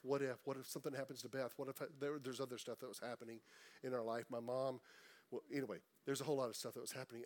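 A middle-aged man preaching a sermon in a conversational way, repeating words and slowing down for emphasis. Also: medium pitch. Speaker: pastor.

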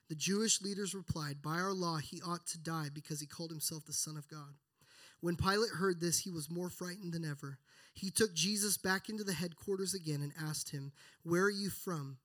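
A man with a slightly higher voice preaches earnestly. He reads scripture passages aloud with feeling, leaning into the words and then easing back to a hushed, reverent tone. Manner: earnest, builds then drops to hushed prayer. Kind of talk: sermon with scripture reading.

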